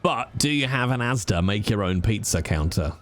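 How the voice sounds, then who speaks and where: A man's voice: on the low side, lively intonation, moderate pace, faint music behind. A British man who streams, talking with his viewers in a chatty, joking way. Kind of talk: casual chat with viewers.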